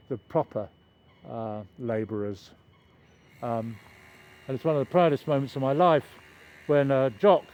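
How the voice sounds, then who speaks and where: A man's voice: mid-range voice, darkish tone. Older male vlogger, mid-range voice, rambling wry outdoor chat, faint ambient hum. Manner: meandering, hesitant, wry self-deprecating humour. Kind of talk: rambling casual vlog chat. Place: outdoors by a construction site and road.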